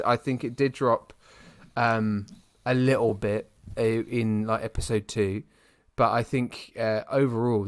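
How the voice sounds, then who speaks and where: A man's voice: mid-range voice, a bit bright, dry recording, clean studio sound. A young British man co-hosting a casual podcast, talking in a rambling way with many restarts and fillers. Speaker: podcast co-host. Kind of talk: casual chat.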